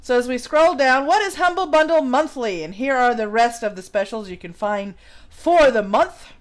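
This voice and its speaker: A woman's voice: on the high side, animated, moderate pace. A woman hosting a livestream, reading an article aloud in a mocking put-on English accent and breaking off to chat. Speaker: livestream host.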